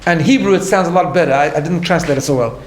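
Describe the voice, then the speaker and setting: A man with a fairly high voice is teaching a class. He talks in an earnest, patient way and keeps checking in with his listeners. The sound carries a noticeable room echo. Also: fast talker, a little hiss or hum. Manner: earnest, explains step by step, tags lines with "right?". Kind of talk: recorded class lecture.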